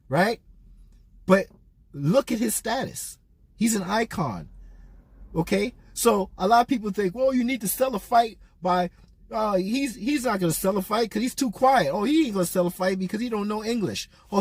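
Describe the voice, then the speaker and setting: A man's voice: sits high, breathy edge, no echo. A man giving a blunt, profane, mocking rant as a boxing commentator.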